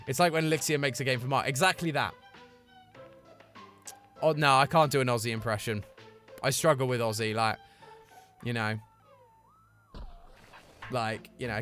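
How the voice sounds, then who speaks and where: A man chatting casually with his live-stream chat, playful and full of quick asides. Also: medium pitch, fairly bright tone, faint music behind.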